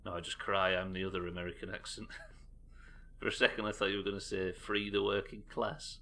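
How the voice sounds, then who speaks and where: A man's voice: low voice, level tone, fast talker, sharp tone. A British man live-streaming a game, chatting casually with his chat and reading aloud in a chatty, self-interrupting way. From United Kingdom.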